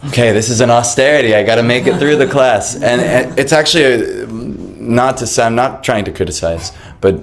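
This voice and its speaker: A man casually telling the story of how he came to his faith, animated and laughing, acting out the voices of people in it. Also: fairly low pitch. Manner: animated, laughing, acts out quoted voices, many fillers.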